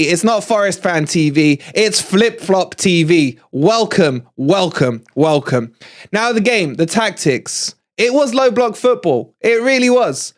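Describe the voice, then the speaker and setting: A middle-aged Englishman hosts a live match review on a fan channel, chatting with viewers while sounding excitable, gloating and out of breath. His voice is high-pitched.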